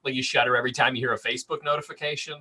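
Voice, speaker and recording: A man's voice: medium pitch, steady tone, racing, sharp tone, breathy edge, poor audio. A man in his late twenties doing a dry, self-deprecating stand-up set over a video call. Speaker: stand-up comedian.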